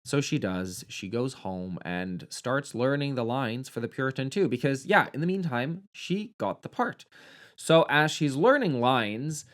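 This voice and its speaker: A man's voice: mid-range voice, animated, measured pace, fairly bright tone. A man giving a casual, sarcastic movie review, campy and swearing freely as he retells the plot.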